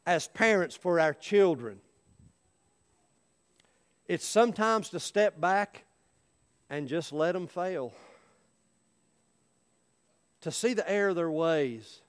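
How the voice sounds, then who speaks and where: A man's voice: sits high, smooth, long reverb tail. A male pastor preaching a sermon in an earnest, folksy way, telling stories. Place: church.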